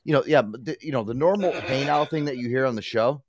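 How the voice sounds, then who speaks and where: A man's voice: mid-range voice, fast talker. A man hosting a podcast, chatting casually in a rambling way, swearing and repeating himself. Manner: rambling, profane, repeats words. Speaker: podcast host. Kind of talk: casual chat.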